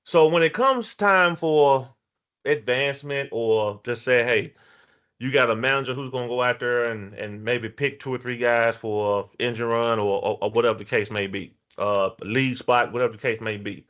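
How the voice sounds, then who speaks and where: A man with a mid-pitched voice hosts a relaxed interview. He presses his points emphatically and often stumbles over restarts as he sets up a question. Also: moderate pace. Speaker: podcast host. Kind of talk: casual interview.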